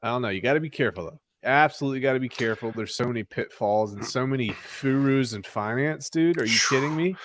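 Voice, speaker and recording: A man's voice: mid-range voice, fast talker, few pauses. A man hosting a casual podcast, talking candidly and animatedly with frequent restarts. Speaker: podcast host. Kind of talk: casual crypto podcast chat.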